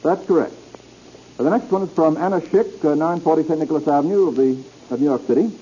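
A man's voice: fairly high pitch, quick pace, warm tone, slightly rough. A man hosting a 1930s radio quiz show, teasing the panel with wisecracks. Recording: dull old radio recording with faint hiss.

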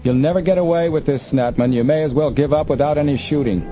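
A man's voice: fairly high pitch, quick pace, soft background music, voice pushed up, lightly acted. A man doing a commanding police officer. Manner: raised, commanding calls. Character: stern male police officer calling out. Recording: dull recording, faint hiss.

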